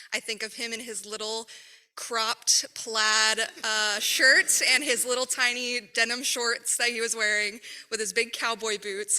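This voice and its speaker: A young woman sharing a fond, gently teasing memory at a memorial gathering. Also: on the high side, poor audio. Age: young adult. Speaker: speaker at a memorial.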